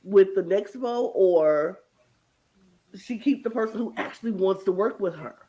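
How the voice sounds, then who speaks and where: An animated co-host retelling a show in casual chat, slipping into lively acted-out quotes of the people involved. The voice sits at an everyday middle pitch. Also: unhurried, low-quality recording. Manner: animated storyteller who acts out quotes. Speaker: podcast co-host.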